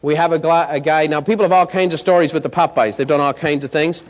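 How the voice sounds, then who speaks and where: A man's voice: a little high, fast talker. A man presenting a sales coaching seminar, telling stories and checking in with the audience. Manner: lively storyteller, checks in with the audience. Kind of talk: live seminar talk. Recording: long hall reverb.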